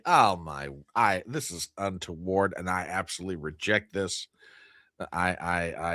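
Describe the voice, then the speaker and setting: A man's voice: deep voice, unhurried, pushed and bright, no room sound, studio quality. A man hosting a live news stream, joking with his chat in exaggerated mock outrage. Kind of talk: joking livestream commentary.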